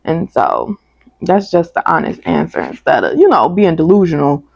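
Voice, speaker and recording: A woman's voice: fairly low pitch, big pitch swings, moderate pace, vocal fry, darkish tone, no room sound. A woman reviewing a TV episode in casual, candid commentary, chatty and prone to tangents, on a dull lo-fi recording. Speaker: TV show reviewer.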